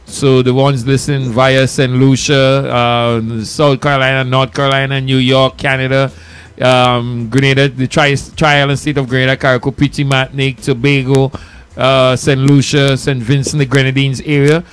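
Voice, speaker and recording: A man hosting a community radio talk show in a loose, animated, bantering way. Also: mid-range voice, moderate pace.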